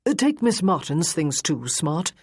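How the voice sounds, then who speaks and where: A woman reading the part of a composed, reassuring nobleman in an audiobook, speaking slowly and evenly. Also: low-pitched, sing-song, husky, exaggerated voice. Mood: calm. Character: composed, soothing aristocratic gentleman.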